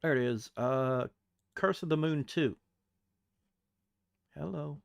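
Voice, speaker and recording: A man's voice: on the high side, slow, vocal fry, dry recording, clean studio sound. A man streaming from home and chatting casually into a desk mic, with a mocking, scoffing manner. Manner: mocking, scoffing, laughs at his own jokes. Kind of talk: casual live-stream commentary.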